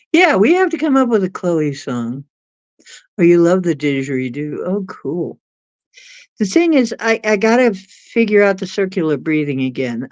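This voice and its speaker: Slow giggly streamer chatting with chat, muffled dry mic. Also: medium pitch, a little mellow, no echo. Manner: giggly, chatty, laughs often. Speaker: livestream host reading chat. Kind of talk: casual chat with viewers.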